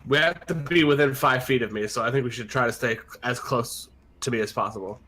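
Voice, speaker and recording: A man at a tabletop game, chatting casually and musing out loud about what to try next. His voice sits at a middle pitch. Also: fairly quick, rough recording. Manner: musing, thinking aloud.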